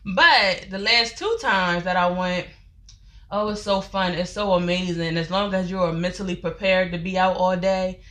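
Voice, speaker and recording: Chatty woman, slightly low voice. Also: unhurried, fairly bright tone. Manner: chatty, folksy, addresses viewers as y'all. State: out of breath. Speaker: life coach and company founder. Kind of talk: casual livestream chat.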